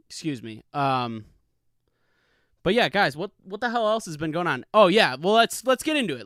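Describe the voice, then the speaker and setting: A man's voice: on the high side, a bit bright, clear, resonant tone, no room sound. A man hosting a solo comedy podcast, telling a rambling, profane, hyped-up story into a studio mic. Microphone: studio mic with pop filter.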